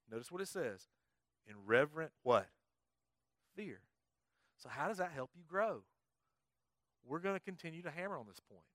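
A man's voice: fairly high pitch, fairly bright tone, no room sound, studio quality. A middle-aged male pastor, preaching emphatically and quizzing his congregation. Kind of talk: sermon.

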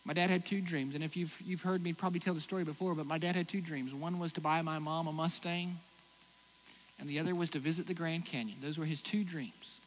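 Bright-voiced preaching man in a reverberant hall. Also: a little high, fairly even intonation, a little fast. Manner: preaching with strong swings between loud exclamations and hushed reflection. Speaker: pastor. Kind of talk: sermon. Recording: hall reverb, faint noise.

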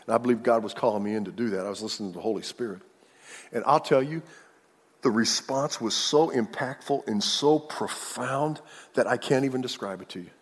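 A male pastor delivers a sermon in a relaxed, conversational manner, often doubling words as he goes. His voice is slightly husky, and it rings out with a long hall reverb. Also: medium pitch, fairly quick. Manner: conversational preaching with repeated words and acted prayers.

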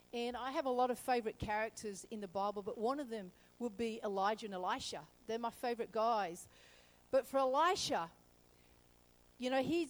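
A woman preaches a sermon in a high voice. She tells her story with energy and slips into the characters as she goes. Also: rough recording. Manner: lively, acts out characters in the story. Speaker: pastor.

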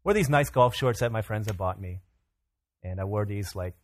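Animated male pastor telling a story. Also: on the low side, normal speed. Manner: animated storyteller, acts out other people's lines. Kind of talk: sermon illustration storytelling. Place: church sanctuary.

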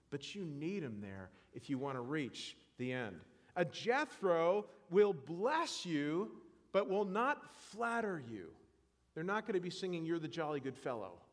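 A man preaching a sermon in church, animated and self-deprecating, joking with the congregation. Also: a little high, long reverb tail. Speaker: pastor.

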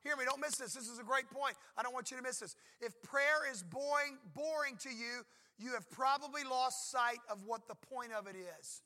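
A man in middle age preaching from the pulpit, his voice high and pitched well above most men's. The tone is very bright and ringing. He talks to his congregation in an easy, conversational way, then pushes hard on key points and slips briefly into voices for prayers and for God answering. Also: moderate pace. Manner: conversational, emphatic, acts out prayers and God's replies. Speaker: pastor. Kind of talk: sermon.

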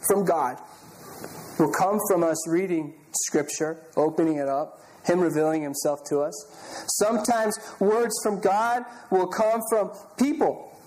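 A man's voice: high voice, a little mellow, rough recording. A middle-aged male pastor preaching a sermon, telling stories in an earnest, conversational way with frequent restarts.

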